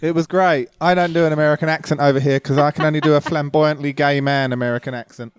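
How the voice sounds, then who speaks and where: A man in his forties, a guest musician talking frankly and with animated humor in a casual interview from home. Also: a little high, a little hiss or hum. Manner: frank, animated, quick to joke. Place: home, remote call.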